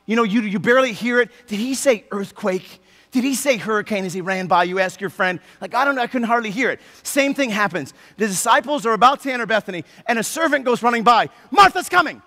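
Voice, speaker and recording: A man preaching a sermon as pastor, telling the story with animated, lively delivery and acting out the people in it. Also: sits high, a little fast, in a large hall. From United States. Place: church sanctuary.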